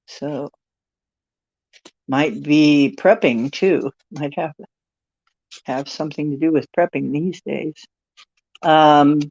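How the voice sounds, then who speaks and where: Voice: mid-range voice, darkish tone. An older tarot reader on a livestream, reading card texts with rambling, joking asides. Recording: dry, dull lo-fi stream audio.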